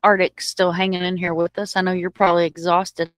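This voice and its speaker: A woman's voice: fairly low pitch, flat delivery, brisk, no echo. A woman hosting a casual live stream and chatting informally with her viewers, a little short of breath. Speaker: livestream host. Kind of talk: casual livestream chat.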